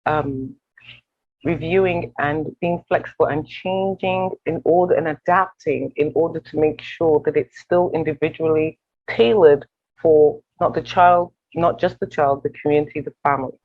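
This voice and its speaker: Husky, passionate woman guest. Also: low-pitched, fairly even intonation, muffled recording. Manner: passionate, quick restarts and self-corrections. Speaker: wellness program organizer, guest. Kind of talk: round-table discussion.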